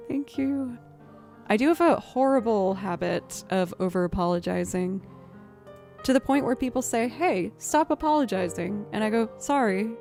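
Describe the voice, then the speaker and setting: A woman musician chatting casually with her stream viewers, self-deprecating and laughing often, her pitch jumping up when she is surprised. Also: normal speed, vocal fry, pauses often, dark tone. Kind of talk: casual live-stream chat. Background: faint music.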